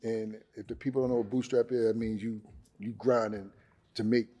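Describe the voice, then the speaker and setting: A man who owns an embroidery business, talking about his business as a podcast guest in a relaxed, storytelling way. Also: on the low side, brisk. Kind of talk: casual podcast conversation.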